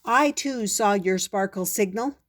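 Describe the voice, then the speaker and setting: A woman's voice: mid-range voice, a little slow, lightly acted. An older woman voicing a proud young girl superhero in a children's storybook, in a cheery manner.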